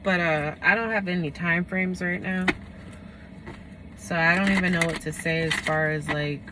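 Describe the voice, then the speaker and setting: A woman's voice: fairly low pitch, noisy background. A woman giving a casual tarot reading, rambling and correcting herself as she talks. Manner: rambling, full of fillers and self-corrections. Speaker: tarot reader.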